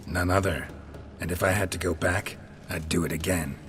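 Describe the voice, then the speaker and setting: Geralt: a man playing a deep, dry monster hunter. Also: fairly even intonation, moderate pace, background noise, lightly acted. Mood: mocking. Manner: dry, sardonic, clipped. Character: gruff male monster hunter, calm and dry.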